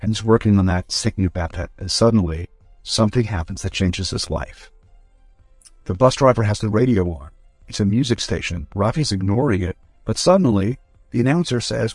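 A man, a rabbi, telling a story in a lively way and acting out the characters' voices. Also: fairly low pitch, a little fast, no room sound, soft background music. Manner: animated, acts out quoted voices.

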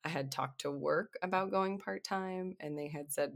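A woman speaks in a deep voice with a gravelly rasp. She tells candid stories as a physician assistant on a podcast, animated and quick to laugh. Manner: animated, laughs often while telling stories. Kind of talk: candid storytelling interview.

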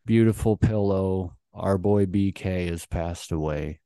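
Low, smooth-voiced young man hosting. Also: a little slow, dark tone, no room sound, clean studio sound. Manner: rambling storyteller with lots of fillers and laughs. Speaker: podcast host. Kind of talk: casual chat.

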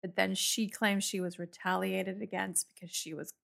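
Wry woman with heavy vocal fry. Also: medium pitch, flat delivery, normal speed, fairly bright tone. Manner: wry, sarcastic. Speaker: podcast co-host. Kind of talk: reading news stories aloud with commentary.

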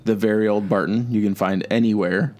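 A man's voice: lowish voice, steady tone, brisk, a little mellow. A man co-hosting a podcast in casual chat, rambling with frequent restarts and easy laughs. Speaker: podcast co-host.

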